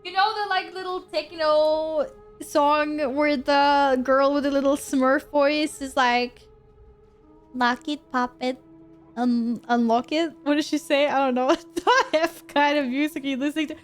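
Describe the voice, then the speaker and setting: A woman's voice: high voice, fairly even intonation, moderate pace, soft background music. A woman streamer chatting casually and giggling with her chat as she plays. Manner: bubbly, giggly, talks to chat. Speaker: game streamer.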